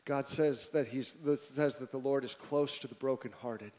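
A man preaching a sermon to a congregation, joking with the crowd at times and then dropping to a hushed, intimate tone. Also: mid-range voice, steady tone, normal speed, hardly any pauses. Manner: swings from loud emphatic preaching to hushed near-whisper; humorous asides to the congregation. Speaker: pastor.

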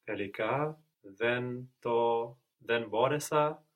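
A man works through spoken drills as a student in a language lesson. He speaks very slowly, giving short, tentative answers. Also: medium pitch, muffled recording.

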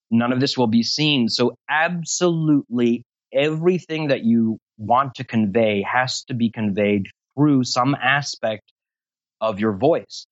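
A man's voice: mid-range voice, fairly bright tone, no echo, muffled recording. A man being interviewed about voice acting, talking at length in a rambling, self-deprecating way. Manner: rambling, long-winded, self-deprecating humor. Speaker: voice actor interview guest. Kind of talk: casual interview talk.

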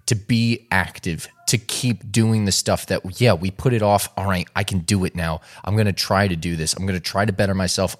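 A man in a casual podcast chat, speaking with frustrated emphasis and heavy swearing. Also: deep voice.

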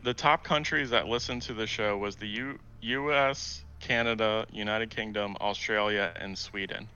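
Dry low-key dude on a gaming podcast, lines trail off. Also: male voice, fairly even intonation, moderate pace, pushed and bright, clean tone, lo-fi sound. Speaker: podcast co-host. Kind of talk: casual chat.

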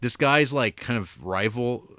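A man's voice: medium pitch, a little slow, a bit bright, dry recording, clean studio sound. A man co-hosting a podcast, chatting casually about horror films in a rambling, profane way with lots of fillers. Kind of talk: casual chat.

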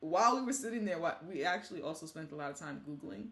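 A woman's voice: deep voice, expressive, fast talker, a loud crowd. A young woman co-hosting a podcast in casual chat, teasing and laughing often. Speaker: podcast co-host.

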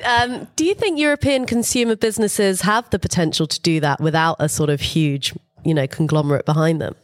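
A woman's voice: lowish voice, a little fast, no echo, studio quality. A woman interviewer asking a short question of a guest.

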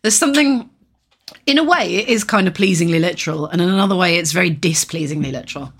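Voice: medium pitch, fast, a bit bright, slightly rough. A podcast co-host, chatting casually, jumping in eagerly and going off on thoughtful tangents. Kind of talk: casual banter.

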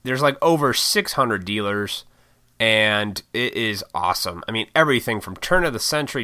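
A man's voice: mid-range voice, bright, forceful tone, clear, resonant tone, no room sound, clean studio sound. A man in his thirties chatting on his own vlog, rambling and swearing casually with frequent laughs. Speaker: YouTuber and podcaster. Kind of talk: casual solo vlog chat.

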